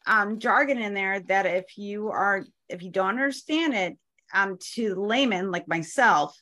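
A woman co-hosts a podcast in a casual chat at a middle pitch. She is playful and pokes fun at herself, often laughing between remarks. Her voice stays relaxed and conversational. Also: unhurried.

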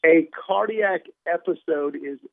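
A man's voice: fairly high pitch, unhurried, gravelly, no room sound. Man telling a story over a phone line. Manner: animated, wry storyteller who plays out dialogue. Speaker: comedian guest. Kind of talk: conversational storytelling.

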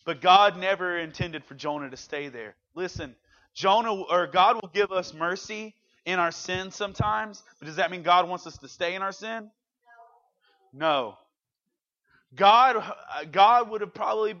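A man's voice: high voice, unhurried, bright, forceful tone, dull audio. A man in his thirties preaching a casual youth sermon, speaking conversationally and animatedly and acting out the quotes. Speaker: youth pastor.

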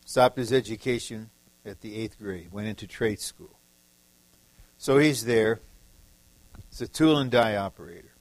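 A man's voice: fairly low pitch, unhurried, pauses often, no echo, low-quality recording. A man from the Detroit area preaching a sermon, emphatic and repetitive, acting out short quoted lines. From Detroit area, USA.

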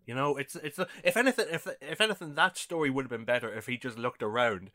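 Bright-voiced man with sarcastic quips. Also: medium pitch. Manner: sarcastic, quick joking asides. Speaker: podcast co-host. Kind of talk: casual chat.

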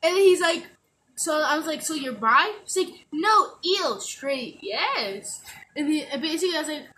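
A woman's voice: sits high, lively intonation, normal speed, sharp tone, a little hiss or hum. A teenage girl telling a rambling story to friends, giggling and full of fillers. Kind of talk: casual chat.

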